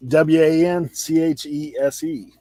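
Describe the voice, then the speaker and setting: A man's voice: a little high, fairly even intonation, measured pace, mellow, dry recording. Male reseller host, drawl, casual banter, fillers galore, dry close mic. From Outer Banks, North Carolina. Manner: chatty, laughs often, says "like" a lot. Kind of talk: casual chat on a video call hangout.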